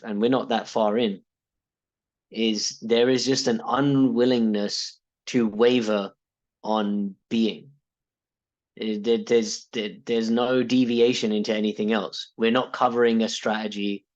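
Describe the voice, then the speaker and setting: A man's voice: medium pitch, lo-fi sound. A British man talking casually and reflectively about his coaching, rambling with restarts and laughs. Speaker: coaching client.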